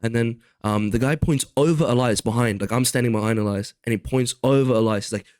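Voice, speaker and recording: A man's voice: medium pitch, brisk, darkish tone, clear, resonant tone. A young man talks casually on a podcast, rambling and restarting his sentences. The sound is dry, with little room echo. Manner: rambling, lots of fillers and restarts. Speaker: podcast co-host. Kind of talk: casual chat.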